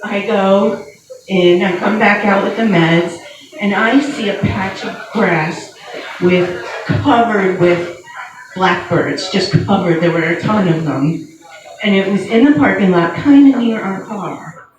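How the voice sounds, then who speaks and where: A woman in her fifties doing a stand-up comedy set, telling stories in a wry, deadpan way with pauses before the punchlines. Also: mid-range voice. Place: comedy venue. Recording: echoey room heard from far off, with noise.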